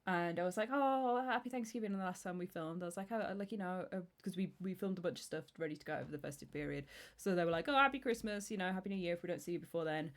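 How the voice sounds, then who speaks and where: A woman's voice: on the low side, steady tone, very fast, darkish tone. A woman in her thirties, streaming and chatting casually with a rambling, self-deprecating manner full of restarts. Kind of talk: casual chat.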